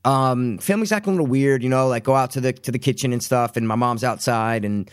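A man's voice: mid-range voice, quick pace, clean tone, no echo, clean studio sound. Young man telling a rambling story. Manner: rambling, animated storytelling with many quoted asides. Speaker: podcast guest. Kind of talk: casual recovery story.

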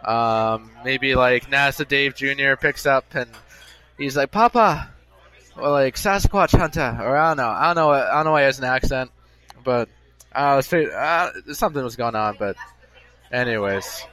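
A man's voice: medium pitch, normal speed, bright, forceful tone, no echo. A man hosting a casual podcast, rambling and amusing himself while he tells a long story on his own. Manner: chatty, self-amused, repetitive storytelling. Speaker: podcast host. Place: bar.

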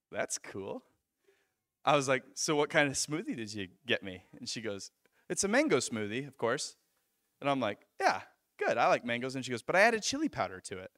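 Young man, preacher, animated storyteller, bright voice, dry close sound. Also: a little high, no echo. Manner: animated storytelling, voices others in quoted dialogue. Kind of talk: storytelling sermon.

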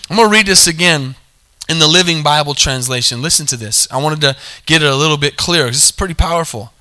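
A pastor preaches fast in a fairly high voice with a pushed, bright quality. Along the way he calls for amens, hammers his points through repetition, and stops to fix himself mid-sentence.

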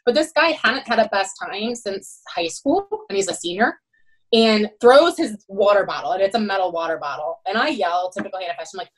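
A woman's voice: medium pitch, animated, brisk, poor audio. A middle-aged woman who coaches college swimming tells candid, emphatic stories in a podcast interview and leans on "you know" and "right?". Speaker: college swim head coach.

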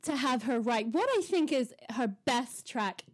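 A woman's voice: fairly high pitch, expressive, unhurried. Breezy woman in a mock interview. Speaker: comedy performer.

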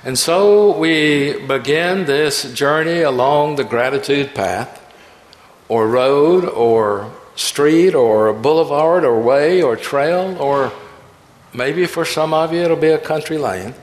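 A man's voice: a little high, slow pace. A man preaching a sermon as pastor. He reads scripture and tells stories, and he voices the quoted lines. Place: church sanctuary. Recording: echoey, reverberant church hall.

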